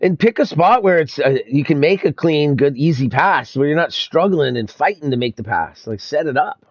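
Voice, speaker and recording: A man's voice: on the high side, lively intonation, moderate pace, no echo. Laid-back swearing young man, dry sound. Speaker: sim racing streamer. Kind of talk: casual chat over voice chat.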